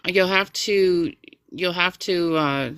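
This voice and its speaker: A woman's voice: fairly low pitch, slow, a bit bright, clean tone, no room sound, clean studio sound. A woman co-hosting a live stream in easygoing, reassuring casual chat. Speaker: stream co-host and moderator.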